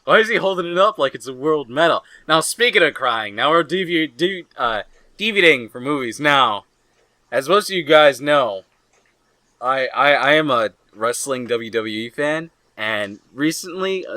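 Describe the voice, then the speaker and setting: A young man co-hosting a podcast in casual chat, rambling excitably and swearing a lot. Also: medium pitch, moderate pace, dry recording. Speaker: podcast co-host.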